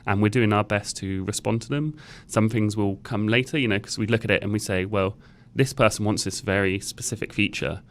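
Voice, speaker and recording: Low-voiced man, animated. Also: a little fast, few pauses. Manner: animated storyteller, laughs easily. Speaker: game developer guest. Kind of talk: casual chat.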